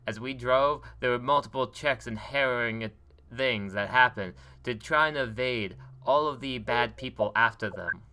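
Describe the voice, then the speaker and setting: A man's voice: mid-range voice, moderate pace, pushed and bright. A man recapping a tabletop role-playing session in a rambling, joking way, laughing often as he goes. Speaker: player recapping the story. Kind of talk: casual tabletop game recap.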